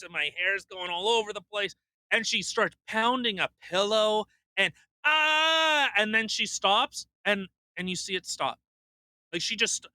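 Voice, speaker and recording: A young man co-hosting a podcast, ranting bluntly in casual chat, swearing and mocking people with quick impressions. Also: high voice, sharp tone, no room sound. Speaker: podcast co-host.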